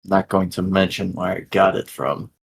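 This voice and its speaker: A man's voice: low voice, fairly even intonation, normal speed, vocal fry, slightly rough. A man playing a tabletop game who laughs often and swears casually. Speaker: player.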